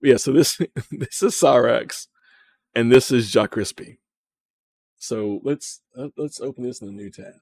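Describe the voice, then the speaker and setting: A man's voice: mid-range voice, measured pace, darkish tone, husky. A man from the American South, mocking a video in casual, profane live commentary, laughing often. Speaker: streamer reacting to a video.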